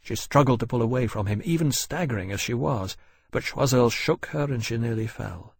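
Husky male audiobook narrator. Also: mid-range voice, lively intonation, moderate pace, no echo. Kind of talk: scripted narration.

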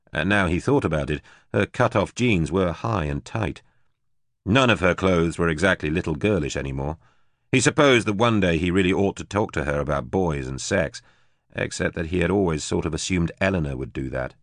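A man reads an audiobook in a low voice, narrating the script with an even, measured storytelling delivery. The studio sound is clean, with no room sound at all.

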